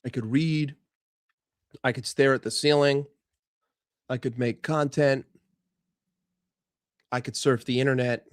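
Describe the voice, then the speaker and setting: A man's voice: medium pitch, steady tone, measured pace, pauses often, no echo, studio quality. A young man streaming live, frustrated and swearing as he rants and answers chat about his football team. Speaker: fan channel streamer.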